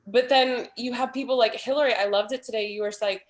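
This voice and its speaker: A woman's voice: fairly high pitch, fairly even intonation, a little fast. A woman in her thirties, a small business owner, talking candidly and chattily in a group video chat. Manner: candid, chatty, says "like" a lot.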